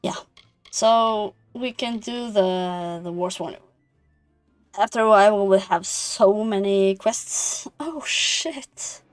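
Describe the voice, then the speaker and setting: Slow-talking woman streamer. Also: mid-range voice, clear, resonant tone, faint music behind. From Norway. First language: Norwegian. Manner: chatty, amused, thinks aloud with fillers. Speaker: game streamer. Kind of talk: casual stream commentary.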